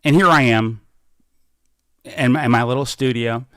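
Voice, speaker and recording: A man hosting a podcast, talking about politics in a fervent way and building up to slow, emphatic declarations from a small studio. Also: mid-range voice, a bit bright, dry recording. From Washington State. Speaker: podcast host. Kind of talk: impassioned political talk.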